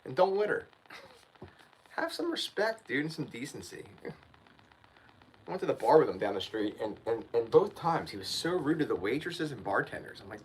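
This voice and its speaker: A man's voice: mid-range voice, sing-song, normal speed, a little hiss or hum, rough recording. A man hosting his channel, telling a story in a casual livestream chat, ranting and often saying "dude" and "man". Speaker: channel host.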